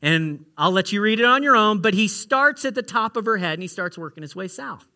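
A male pastor preaching with a high, bright voice and a cutting edge. His delivery is animated and playful, full of joking asides. He swings from loud, excited bursts down to quiet, hushed moments. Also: a little fast. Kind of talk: sermon.

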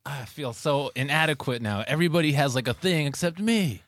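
A man's voice: a little high, expressive, fairly quick, a bit bright, no room sound, clean studio sound. A man in an improvised comedy scene, enthusiastic and easily impressed.

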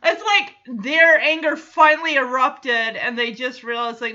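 A woman's voice: sits high, measured pace, bright, forceful tone, highs cut off. A woman hosting a podcast, recapping a TV episode in a chatty, amused way with frequent laughter. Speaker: podcast host.

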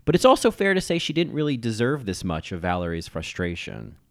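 A man's voice: medium pitch, huge pitch swings, a little fast. A man narrating a scripted video essay as a TV critic, analytical and admiring.

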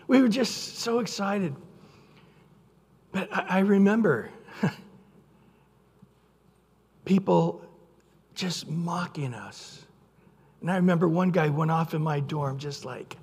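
A male pastor delivers a sermon in a high-pitched, gravelly voice with a husky edge. He reads scripture, then slips into personal stories with earnest conviction. The sound rings out with long hall reverb. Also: measured pace, pauses often. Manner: earnest preaching, bursts into loud acted quotes.

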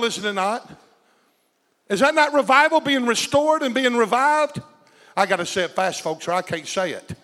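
A high-pitched man with a fairly bright tone preaches passionately in a church sanctuary. He calls out to the congregation and draws responses, his words carried by a large hall's long reverb.

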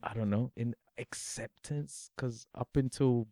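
A man's voice: medium pitch, a little slow, mellow, no room sound, clean studio sound. A man from the UK hosting a casual podcast chat, probing with rhetorical questions. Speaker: podcast host.

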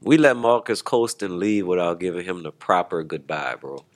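Joking new guy hosting a podcast, pitch all over the place. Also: normal speed. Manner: joking, playful, lively. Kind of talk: casual banter.

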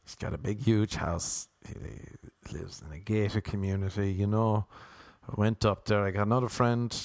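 A man's voice: lowish voice, steady tone, normal speed, vocal fry, darkish tone, dry recording. A young Irish man telling rambling, self-mocking comic stories, often laughing at his own jokes. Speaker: comedian. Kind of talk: comic monologue.

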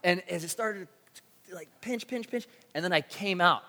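A man preaching a sermon to a congregation, telling a story with animated energy and acting out his own shouts. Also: sits high, moderate pace. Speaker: pastor. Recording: long hall reverb.

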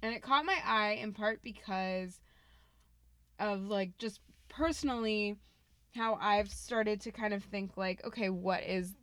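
A woman's voice: medium pitch, a little slow, fairly bright tone, smooth, dry recording. A woman in her thirties co-hosting a podcast, telling a personal story casually with many fillers. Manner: chatty storytelling, lots of "like". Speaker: podcast co-host. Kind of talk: casual chat.

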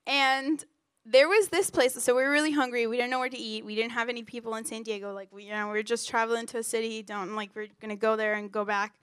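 Young woman preaching casually, slightly high voice, rambly storyteller with lots of "like"s, dry close sound. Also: a bit bright, clear, resonant tone, dry recording. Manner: chatty storytelling with many fillers; playful and self-joking. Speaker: youth speaker. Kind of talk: casual sermon.

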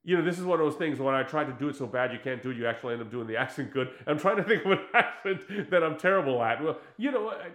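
A man chatting casually as a podcast co-host, his voice sitting a little high. He tells stories with animated mockery and often breaks into laughter. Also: fast talker, few pauses, roomy sound. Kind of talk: casual chat.

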